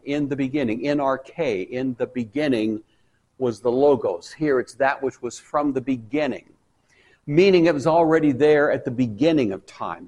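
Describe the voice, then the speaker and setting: A man teaching a Bible study in a folksy, conversational way, breaking into loud animated bursts for emphasis. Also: medium pitch.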